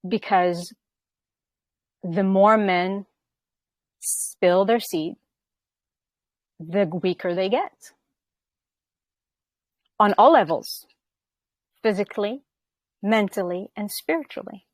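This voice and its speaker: A woman's voice: mid-range voice, slow, long pauses, no echo. A woman hosting a spiritual conversation, explaining earnestly and often checking in with "right?" as she talks. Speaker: podcast host.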